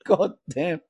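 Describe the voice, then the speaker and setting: A man's voice: dark tone, no echo. A man hosting a podcast, chatting casually, swearing, laughing often and calling his friend bro. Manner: profane, laughs often, says bro a lot. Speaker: podcast host. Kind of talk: casual chat.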